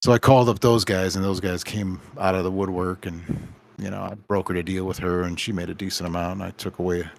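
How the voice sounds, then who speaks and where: Store-owner guest type: low-pitched man, loose storyteller who voices the people in his tales. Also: flat delivery, quick pace, gravelly, slight background noise. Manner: rambling anecdotes with acted-out quoted dialogue. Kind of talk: casual podcast storytelling.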